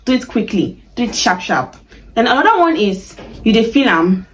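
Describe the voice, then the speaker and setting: A woman's voice: a little high, sing-song, normal speed, a little hiss or hum, poor audio. Chatty Nigerian woman teaching slang. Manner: chatty, laughs often, acts out sample phrases playfully. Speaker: language teacher. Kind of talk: casual video lesson.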